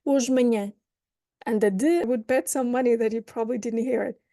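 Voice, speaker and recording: A woman teaching a language lesson, unpacking the rules with playful metaphors. Her voice sits fairly high but has a mellow, soft-edged tone. The recording is dry and close, with no room sound. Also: dry recording. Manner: explains with playful metaphors, models phrases slowly then at natural speed. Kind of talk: online lesson.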